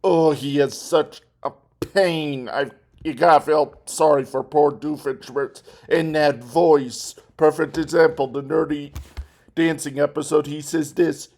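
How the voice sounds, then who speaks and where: A man talks through a casual commentary vlog at an unhurried, slow pace. He rambles, restarts his sentences and corrects himself in a chatty way. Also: a little high, fairly even intonation, a little mellow. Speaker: vlog host.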